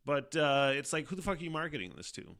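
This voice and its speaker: A man's voice: fairly high pitch, big pitch swings, fast talker, fairly bright tone. A man hosting his own podcast, talking in a casual, rambling monologue full of profanity, fillers and laughter. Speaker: podcast host.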